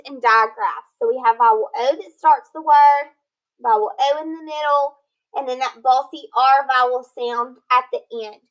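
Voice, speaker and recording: A woman teaching a recorded phonics lesson to children, speaking slowly and clearly, sounding out words and encouraging them. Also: high voice, a bit bright, rough recording.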